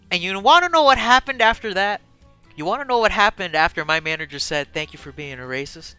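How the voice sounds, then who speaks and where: A young man streaming to a live chat, telling a casual, slangy and profane story, animated and excitable, swinging from mumbled asides to loud bursts. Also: high voice, a little fast, clean tone, no echo, faint music behind. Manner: slangy and profane, full of fillers.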